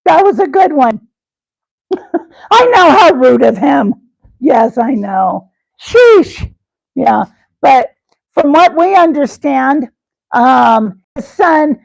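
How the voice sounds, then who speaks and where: A woman with a high, lilting voice hosts a casual live stream at a slow, meandering pace. She giggles often and talks straight to her viewers by name, and the sound is dry and close. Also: gravelly, a little mellow, no echo, low-quality recording. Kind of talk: rambling comedic live chat.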